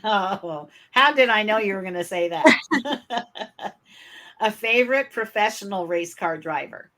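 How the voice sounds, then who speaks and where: A woman's voice: mid-range voice, expressive, measured pace, pushed and bright. A woman from Michigan with a northern US accent, hosting a podcast interview in a friendly, chatty way with fillers. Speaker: podcast host. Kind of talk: casual interview.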